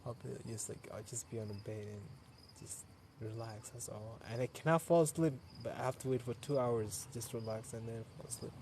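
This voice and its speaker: A young man talks casually to his stream late at night, tired and easygoing, with quick laughs between thoughts. His voice sits at a middle pitch for a man. Faint crickets and night air hum behind him on a handheld phone mic. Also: steady tone, darkish tone. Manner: tired, loose, laughs often, chatty with viewers. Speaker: live streamer.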